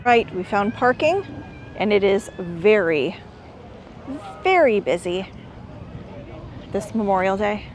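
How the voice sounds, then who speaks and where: A woman's voice: medium pitch, big pitch swings, takes it slowly, long pauses. A woman hosting a travel vlog, chatting in a rambling, enthusiastic way while walking around outdoors. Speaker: vlogger host. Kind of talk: casual travel vlog narration. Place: outdoors at a busy beach town. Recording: outdoor street noise behind.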